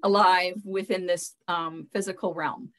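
A woman's voice: lowish voice, steady tone, measured pace, fairly bright tone, rough recording. A woman speaking as a spiritual mentor in an interview, earnest and loose, often repeating words as she searches for how to put things. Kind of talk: casual interview talk.

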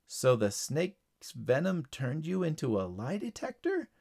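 A man's voice: a little high, wildly swooping pitch, measured pace, creaky, a little mellow, full character voice. A man voicing an earnest young schoolboy hero in a storybook reading, in an eager, earnest way.

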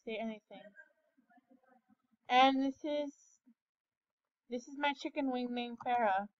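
A woman hosting a casual gaming video, giggly and excitable, often breaking into laughter. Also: on the high side, unhurried, dry recording, lo-fi sound. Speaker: gaming channel host. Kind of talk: casual chat while gaming.

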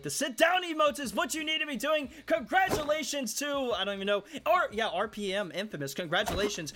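High-voiced man hyping his gameplay. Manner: animated, swings between low muttering and loud shouts at players. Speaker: gaming YouTuber hosting hide and seek. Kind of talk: excited gameplay commentary.

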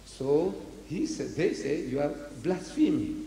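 A South African man giving a public lecture, animated, throwing rhetorical questions at the audience. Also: a little high, a little slow, gravelly. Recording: echoey hall with faint noise, archive lecture.

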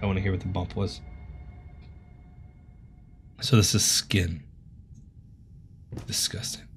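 A man's voice: sits low, flat delivery, unhurried, husky, soft background music. Jumpy, joking man playing a horror game. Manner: jumpy, swears, jokes nervously, yelps at scares. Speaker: gaming video host. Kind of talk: let's play commentary.

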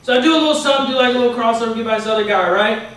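A male motivational speaker addresses students in a university hall, telling a story in a chatty way and often asking "right?". His voice is very high-pitched, rapid-fire, and fairly bright in tone, recorded from far off in an echoey hall.

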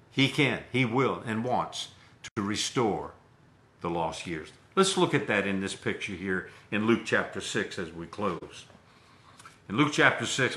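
A man, a pastor, preaching a sermon with dramatic swings from loud to hushed and fast to slow. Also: mid-range voice, reverberant. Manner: dramatic preaching with wide swings in loudness and pace.

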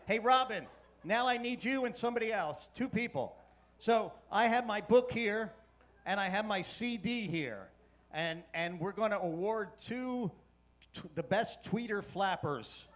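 A man's voice: high-pitched, a bit bright. A man giving a keynote talk to a live audience, playfully coaxing them to join in. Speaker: keynote speaker. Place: conference hall with a live audience.

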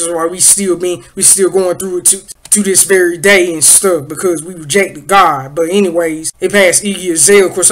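A man with a noticeably high voice delivers a long solo commentary monologue. He is from the United States and talks in an emphatic, preachy way, often breaking off and starting his sentences over as he rambles between points. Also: fairly bright tone. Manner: emphatic and preachy, full of restarts and asides. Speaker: commentary channel host.

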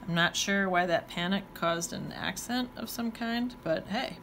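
A woman's voice: mid-range voice, measured pace, fairly bright tone, a little hiss or hum. A woman teaching watercolor, talking casually while she paints and thinking aloud with playful exclamations. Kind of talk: painting demonstration talk-along.

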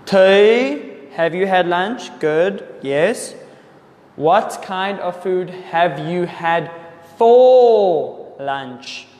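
A man with a fairly high voice teaches English, answering viewer questions at a very slow, careful pace. He repeats and corrects words for his learners. The echoey room adds a long reverb behind him. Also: expressive, darkish tone. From South Africa.

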